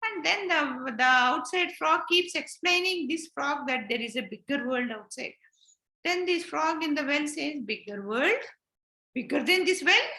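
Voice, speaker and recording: Woman teaching children scripture; bright, high, explains by asking questions. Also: a little slow. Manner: explanatory, repetitive rhetorical questions. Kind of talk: spiritual lesson. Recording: roomy echo.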